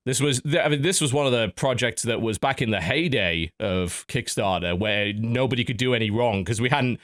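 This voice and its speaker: A man's voice: medium pitch, brisk, fairly bright tone. A man hosting a podcast in casual chat, telling stories with lots of restarts. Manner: chatty storyteller, many restarts. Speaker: podcast host.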